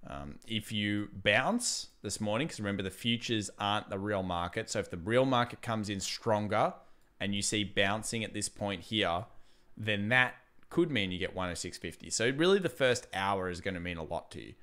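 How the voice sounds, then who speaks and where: A man with a fairly low, smooth and resonant voice, hosting live market commentary. He talks casually and laughs easily, thinking out loud and restarting his sentences as he works through viewer questions. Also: expressive, moderate pace. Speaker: livestream host.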